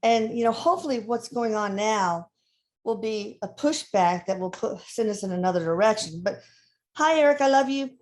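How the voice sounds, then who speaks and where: A woman's voice: medium pitch, moderate pace, a little mellow. An older woman hosting an interview, talking earnestly in a rambling, casual way. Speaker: host.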